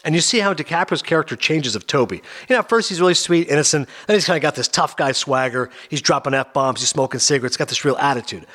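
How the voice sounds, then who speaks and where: A man hosts a casual radio chat about movies. He talks very fast in a slightly high voice. He rambles and gets animated as he goes. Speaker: radio host. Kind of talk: casual film talk.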